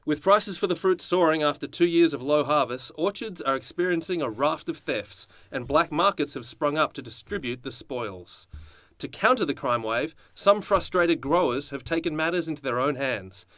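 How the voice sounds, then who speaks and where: A man's voice: fairly high pitch, animated, moderate pace, fairly bright tone, no echo, studio quality. A man co-hosting a comedy podcast, reading a news story aloud and joking with laughs along the way. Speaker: podcast co-host.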